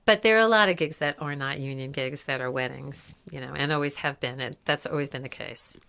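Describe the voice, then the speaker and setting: Older woman, low voice, lively storytelling co-host. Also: a little fast, vocal fry, a little hiss or hum. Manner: animated storyteller, laughs often. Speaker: podcast co-host. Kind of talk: casual chat.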